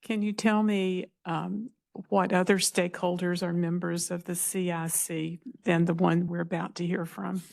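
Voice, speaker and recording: A woman commissioner asking questions at a public meeting, speaking deliberately and searching for words. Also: on the low side, little pitch movement, gravelly, darkish tone. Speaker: commission member.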